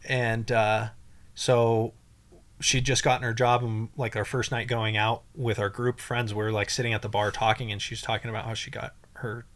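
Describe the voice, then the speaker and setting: A man's voice: fairly low pitch, flat delivery, normal speed, a bit bright. A young man, a podcast guest, telling a story in a casual, rambling and emotional way, full of fillers and restarts.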